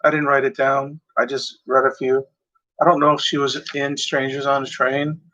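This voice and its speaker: Rambling man with a bright voice. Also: medium pitch, flat delivery, normal speed. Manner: rambling, hesitant, with many fillers and self-corrections. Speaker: video host. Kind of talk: casual talk to camera. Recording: dull lo-fi sound.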